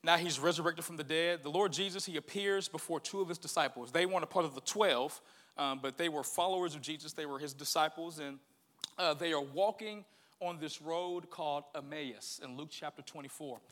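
A male pastor preaching a sermon, animated and swinging from hushed to loud. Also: a little high, a little fast.

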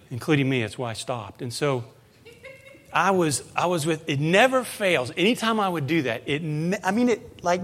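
A male pastor preaching a conversational sermon, moving into animated storytelling. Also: a little high.

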